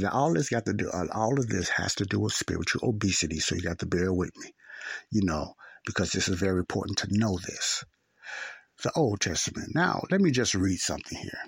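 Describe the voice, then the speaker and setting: A man's voice: deep voice, slightly rough, dry recording. A man teaching a Bible study, earnest and repetitive, often asking "See?" to check understanding. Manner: earnest, repeats phrases, asks "See?".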